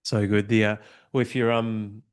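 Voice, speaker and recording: A man's voice: fairly low pitch, flat delivery, moderate pace, smooth. A man, hosting a podcast interview and encouraging his guest with enthusiasm. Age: 40s. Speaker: podcast host. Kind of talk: conversational interview.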